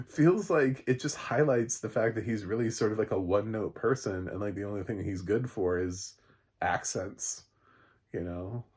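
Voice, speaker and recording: A man giving a casual, rambling movie review, halting and restarting, with a husky voice. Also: on the low side, darkish tone.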